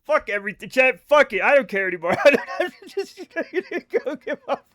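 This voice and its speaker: A man livestreaming a space game, chatting casually with viewers, excitable and rambling with plenty of swearing. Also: very high-pitched, normal speed. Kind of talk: casual chat with stream viewers. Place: home at night.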